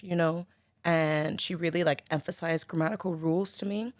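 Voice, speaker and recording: A woman's voice: fairly low pitch, steady tone, fairly quick, dry recording. A young woman from the Bahamas with a light Bahamian accent, chatting as a podcast guest and filling her talk with "like" and "you know". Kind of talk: casual conversation.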